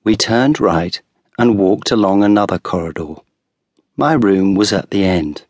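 A man narrating a first-person story for an audiobook with clear, deliberate delivery. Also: fairly low pitch, expressive, a little mellow, no room sound. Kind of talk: scripted first-person narration of a graded reader.

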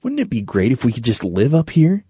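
A man voicing an eager, cheerful young boy in an audiobook, talking in an excited, bouncy way. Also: medium pitch, a little fast, slightly rough, no echo, full character voice. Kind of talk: audiobook character voice.

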